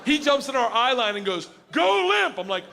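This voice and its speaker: Brief: rowdy male stand-up comic, high voice, laughing shouts, faint hum of the room behind. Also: quick pace, some chatter behind. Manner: loud, animated, laughing, breaks into high shouts. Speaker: stand-up comedian. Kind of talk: stand-up storytelling. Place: comedy stage.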